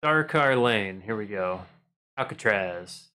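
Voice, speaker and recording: A man's voice: lowish voice, animated, slow pace, sharp tone. A man hosting a livestream, chatting casually and playfully with his viewers, rambling with frequent ums and repeated phrases. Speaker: livestream host. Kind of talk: casual chat with live viewers.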